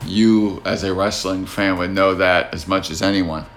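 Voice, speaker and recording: A New Jersey-accented man hosts a laid-back sports podcast, speaking in a wry, teasing, easygoing manner. His voice is deep and fairly bright, with fairly even intonation at a normal speed, and there's slight background noise.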